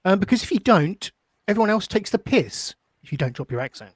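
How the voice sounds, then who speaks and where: A man's voice: high-pitched, very animated, a little fast, husky, dry recording, studio quality. An Essex man hosting a casual podcast chat, musing aloud and asking questions. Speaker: podcast host.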